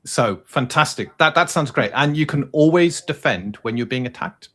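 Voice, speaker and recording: Eager male host, quick with approval, on a video call. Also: on the high side, animated, a bit bright. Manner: enthusiastic, affirming, laughs often. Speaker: interview host. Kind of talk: casual interview chat.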